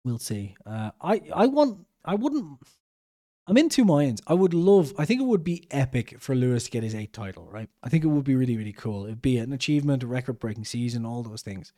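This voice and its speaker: A man's voice: medium pitch, expressive, quick pace, few pauses, dark tone. A young Irish man hosting a podcast, reading out viewer comments in a rambling, chatty way and often correcting himself. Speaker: podcast host.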